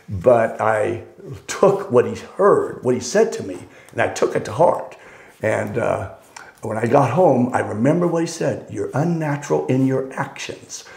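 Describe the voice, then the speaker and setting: Here a mid-range, slightly mellow male voice with some vocal fry belongs to an older guest who tells meandering, dryly funny stories in easy conversation. He frequently stops to fix what he's saying mid-sentence, and the recording has a roomy echo.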